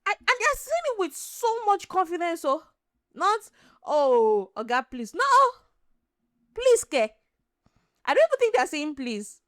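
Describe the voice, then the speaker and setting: A Nigerian woman hosting a podcast, chatting casually as an animated, laughing storyteller. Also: very high voice, a little slow, long pauses, dry recording, studio quality. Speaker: podcast host. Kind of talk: casual chat.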